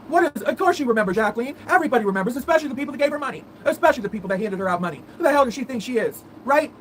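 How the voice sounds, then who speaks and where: A woman's voice: high-pitched, animated, racing, a little hiss or hum. A woman on a commentary stream delivering a repetitive, theatrical rant full of insults. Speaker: guest commentator. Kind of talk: heated rant.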